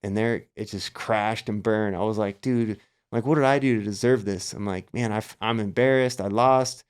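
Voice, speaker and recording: A man's voice: lowish voice, moderate pace, smooth. A middle-aged man, a podcast guest in a casual interview, telling a long story with energy and acting out his own past thoughts. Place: Las Vegas area.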